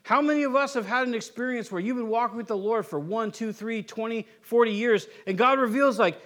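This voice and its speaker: High-voiced animated male pastor preaching. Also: a little fast, few pauses. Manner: conversational, animated preaching with asides and acted quotes. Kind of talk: sermon.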